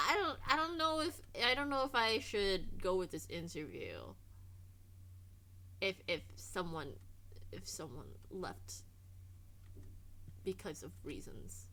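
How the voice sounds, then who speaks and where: A woman's voice: medium pitch, sharp tone, slight background noise. A woman streamer chatting casually over gameplay, rambling and trailing off into restarts.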